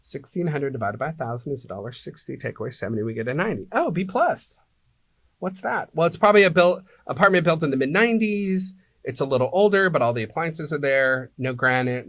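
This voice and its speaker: A man's voice: mid-range voice, a little fast, a bit bright, no echo. A man being interviewed as an apartment locator, explaining things like a teacher and checking in with "right?" and "okay?" as he goes.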